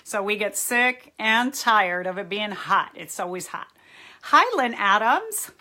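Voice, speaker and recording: A woman's voice: mid-range voice, very animated, bright, forceful tone. A woman from Southern California, a therapist hosting a casual live-stream chat from a home library, upbeat and chatty, greeting viewers by name. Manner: hyper, talks fast. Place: library room at home, indoors.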